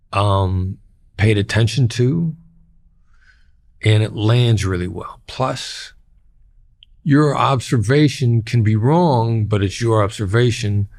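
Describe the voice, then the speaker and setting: Gravelly middle-aged guy on a podcast, low voice, blunt and repeats himself to make a point. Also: a little mellow. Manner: plain-spoken, repeats key phrases for emphasis. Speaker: guest, former hostage negotiator. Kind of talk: podcast interview.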